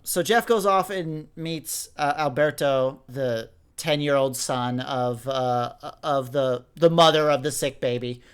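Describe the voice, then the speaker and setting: Young male podcast co-host, casual rambling recap, higher than average pitch. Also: clear, resonant tone. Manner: rambling, frequent restarts and fillers. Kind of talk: casual chat reviewing an audio drama.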